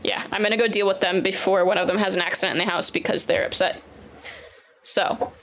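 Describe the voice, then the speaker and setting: A woman in her thirties chatting casually on a live stream as she works, often turning to coo at her dogs in a higher, sing-song voice. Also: fairly even intonation, brisk, a bit bright, a little hiss or hum. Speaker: livestreamer building a keyboard.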